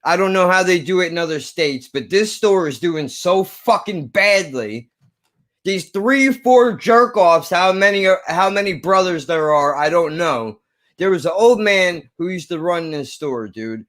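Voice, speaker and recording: A man in his thirties rants through a story, swearing freely and getting heated. His voice sits a little high for a man, and he stays animated and worked up throughout. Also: normal speed. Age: 30s. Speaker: vlogger. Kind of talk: ranting storytelling.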